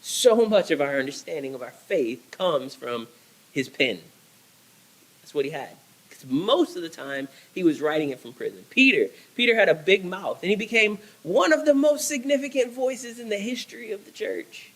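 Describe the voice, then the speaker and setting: A man's voice: high voice, expressive, moderate pace, fairly bright tone, slightly rough, rough recording. A male pastor preaching a sermon, emphatic and repetitive, restarting phrases as he builds.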